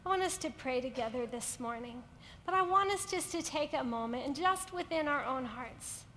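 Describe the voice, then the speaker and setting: A woman's voice: high-pitched, expressive, moderate pace, sharp tone, long reverb tail, a little hiss or hum. A woman pastor preaching a sermon to women, earnest and building to emphatic repetition.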